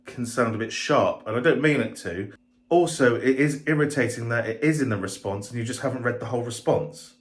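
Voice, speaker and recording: A man's voice: mid-range voice, fairly quick. A tipsy man vlogging casually from his restaurant, chatty and rambling, often restarting his sentences into a handheld camera. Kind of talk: casual vlog chat. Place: restaurant, indoors.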